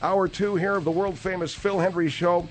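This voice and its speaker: A man hosting a comedy talk radio show from a studio, with brisk announcer plugs. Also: sits high, steady tone, soft background music. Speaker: radio host.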